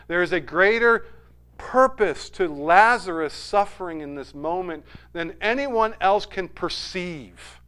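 A male pastor preaching a sermon, swinging from loud emphatic peaks to quiet asides, with rhetorical questions and repeated phrases. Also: high-pitched.

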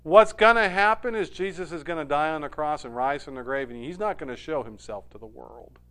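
A man preaching a sermon, animated, dropping to a hush and rising loud when he acts out quoted lines. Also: fairly high pitch, brisk, smooth. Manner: animated, swings from hushed to loud when quoting. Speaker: pastor.

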